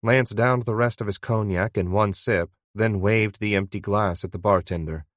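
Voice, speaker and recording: A man reading an audiobook in first person, with conversational, steady storytelling. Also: lowish voice, moderate pace, no room sound, clean studio sound. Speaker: audiobook narrator. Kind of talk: first-person scripted narration.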